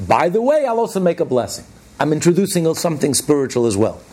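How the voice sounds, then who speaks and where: This rabbi's Torah class comes in a fast, very animated, mellow voice on the high side. He's a conversational, plainspoken storyteller who restarts his sentences and hammers home key phrases, rising in pitch on each point.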